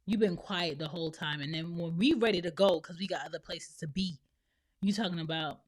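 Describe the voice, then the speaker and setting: A woman's voice: on the low side, fairly quick. A woman around forty hosting a podcast, talking bluntly and opinionatedly on her own and acting out other people's lines. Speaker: podcast host and mother. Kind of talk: solo opinion monologue.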